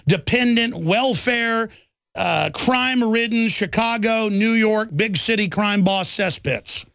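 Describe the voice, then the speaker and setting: High-voiced man in a heated rant. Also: a bit bright, dry recording. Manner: heated, ranting, combative. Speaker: radio talk show host. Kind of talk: fiery political monologue.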